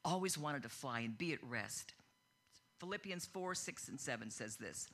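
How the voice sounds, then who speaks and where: A woman's voice: extremely low pitch, lively intonation, normal speed, fairly bright tone. A middle-aged woman giving a sermon built on her own story, telling it conversationally and acting out the voices she quotes. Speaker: speaker at a church gathering. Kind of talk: personal testimony sermon.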